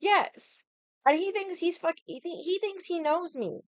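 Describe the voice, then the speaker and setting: A woman's voice: extremely high pitch, animated, measured pace, no room sound. A young woman hosting a casual livestream, ranting in a sassy, profane, rambling way and greeting viewers. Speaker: livestream host.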